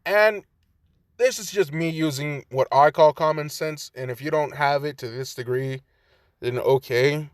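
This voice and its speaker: Casual young man, twenties, profane rambler, slightly high voice, dry home room. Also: a little slow, no echo. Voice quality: profane, loose, filler-heavy talk. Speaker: fan-story narrator. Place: room at home by a cracked window.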